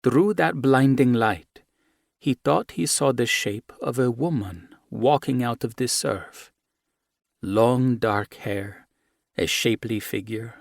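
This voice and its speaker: A man narrating a romance audiobook in the first person, in a measured, soft, intimate manner, on a close microphone. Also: medium pitch, gravelly, no room sound.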